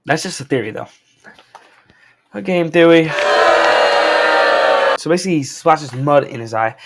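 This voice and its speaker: A young man recapping and reviewing a comic book in a casual, slangy, excitable way, wearing a corded mic as he moves around. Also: medium pitch. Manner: slangy and excitable, lots of "bro" and "like". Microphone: wearing a corded mic while walking around.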